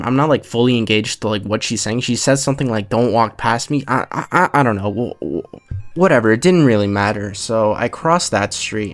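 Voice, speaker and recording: A man in his twenties telling a story in a rambling, casual rant, full of swearing and fillers. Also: on the low side. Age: 20s. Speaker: vlogger.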